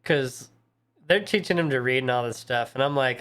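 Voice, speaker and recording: A man's voice: mid-range voice, normal speed. A man co-hosting a casual podcast chat, cursing freely and acting out his kids in quoted lines. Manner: profane, animated, acts out his kids in quotes. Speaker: podcast co-host.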